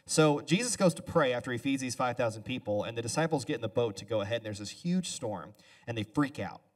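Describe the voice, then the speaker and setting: A man's voice: mid-range voice, expressive, quick pace. Chatty male pastor, slightly distant mic. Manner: casual and chatty, with joking asides. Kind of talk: conversational sermon dialogue. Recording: voice a bit far from the mic.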